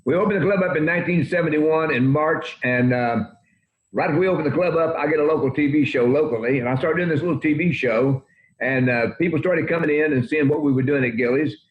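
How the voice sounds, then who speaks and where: A man's voice: a little high, fast. A man in his eighties telling folksy, rambling anecdotes as a country music guest in an interview. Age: 80s. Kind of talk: interview storytelling. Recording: roomy, dull lo-fi sound.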